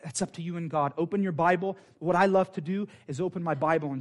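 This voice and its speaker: Man preacher, high voice, fervent and chatty, sermon delivery. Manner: fervent, conversational preaching with quick asides.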